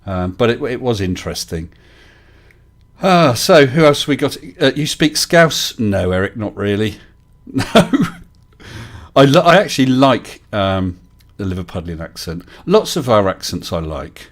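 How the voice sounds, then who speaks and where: A man's voice: on the low side, animated, moderate pace. A middle-aged man, hosting a casual live-stream chat from his home desk, joking and talking to viewers by name. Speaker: livestream host.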